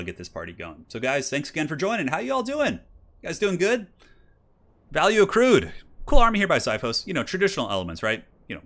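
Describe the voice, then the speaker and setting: A man's voice: mid-range voice, a bit bright. A young man casually commentating a strategy game tournament on a live stream, chatting with viewers and reacting to the replays. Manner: chatty, upbeat, reads and answers chat.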